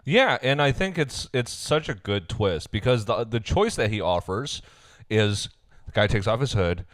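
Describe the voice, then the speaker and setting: A man's voice: on the low side, expressive, unhurried, dry recording, clean studio sound. A man co-hosting a podcast, chatting casually and laughing as he acts out quotes. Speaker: podcast co-host. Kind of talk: casual chat recapping a reality show.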